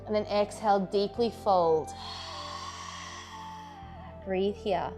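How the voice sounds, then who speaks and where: A woman teaching a vinyasa yoga class, giving calm step-by-step breath and pose cues with encouraging, playful asides. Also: mid-range voice, slow pace, music in the background. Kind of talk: guided yoga class instruction.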